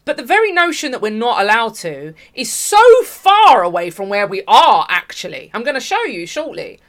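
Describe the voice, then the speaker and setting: A woman delivers opinionated commentary in a high, lively voice that swings widely in pitch. Her tone is bright and forceful, and she hammers her points home with repetition as she speaks straight to her audience. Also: moderate pace. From United Kingdom. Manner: emphatic, repeats points, talks to viewers. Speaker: host of an online commentary show.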